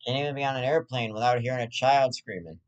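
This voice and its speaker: A man's voice: mid-range voice, quick pace, muffled recording. Man ranting profanely. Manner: profane, rambling, with frequent restarts. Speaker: host of his own web show. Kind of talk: rambling comedic rant.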